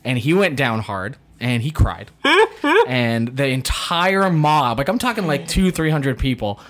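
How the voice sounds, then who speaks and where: A man's voice: mid-range voice, measured pace. A male actor telling a funny story in casual conversation, laughing often as he talks. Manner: laughs often, lively anecdote.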